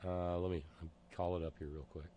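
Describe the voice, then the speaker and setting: A man's voice: deep voice, level tone, brisk, mellow, lo-fi sound, a little hiss or hum. A man talking through a casual monologue, sarcastic and digressive, often stopping to restart his sentences.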